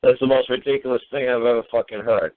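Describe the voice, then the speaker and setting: A man's voice: medium pitch, steady tone, quick pace. A man hosting a call-in talk show, scolding a caller in a profane, sarcastic way. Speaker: host. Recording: phone-quality radio audio.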